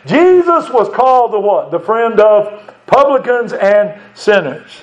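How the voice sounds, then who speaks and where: High-voiced preacher, folksy sermon. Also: male voice, very animated, unhurried. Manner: conversational, asks rhetorical questions, chuckles now and then. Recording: dull lo-fi church recording.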